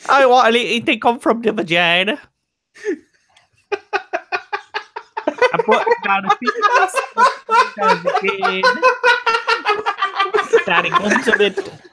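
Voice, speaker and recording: A woman's voice: fairly high pitch, sing-song, measured pace, pushed and bright, voice pushed up, exaggerated voice. A woman doing a weird, vaguely Scottish-sounding voice of a crude, rambling man who babbles in broken grammar.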